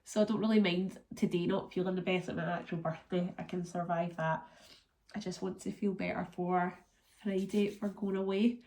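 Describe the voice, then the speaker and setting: A woman's voice: fairly low pitch, level tone, moderate pace, darkish tone. A Scottish woman chatting to her camera in a loose, rambling way, full of ums and likes. She sounds congested and worn down by a cold. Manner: chatty, rambling, lots of fillers. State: congested and run down from illness. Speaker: vlogger. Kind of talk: casual vlog chat.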